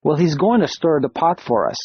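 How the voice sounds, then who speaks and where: A man voicing a young wife on the phone, speaking in a soft, gently raised voice. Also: on the high side, sing-song, fairly quick, slightly rough, no room sound, lo-fi sound. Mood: pleased.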